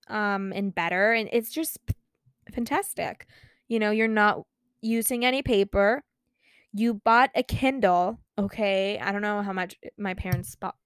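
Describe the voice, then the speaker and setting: A sixteen-year-old girl from Spain, chatting casually as a podcast host, gushing and excitable and swearing freely. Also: mid-range voice, clear, resonant tone, no echo. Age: teens. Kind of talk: casual chat.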